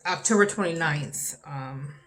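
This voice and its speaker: Speaking low and unhurried with a slightly bright tone, a young adult woman shares an emotional story in a personal vlog. She curses openly, her voice rises as she gets upset, and she has a dry mouth.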